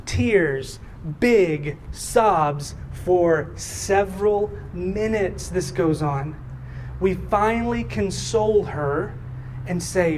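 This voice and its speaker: A high-voiced man preaches slowly and deliberately, telling a family story and acting out its voices. He sounds set back from the microphone, with a faint hum of the room behind him. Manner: animated, acts out voices in his stories. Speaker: pastor. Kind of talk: sermon with personal storytelling. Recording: distant mic with faint room noise.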